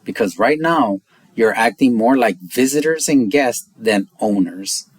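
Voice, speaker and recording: An American man in a blunt, heated opinion rant to his viewers, profane and pressing his points, speeding up and slowing down for emphasis. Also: fairly low pitch, animated, husky, no echo. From United States. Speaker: vlogger.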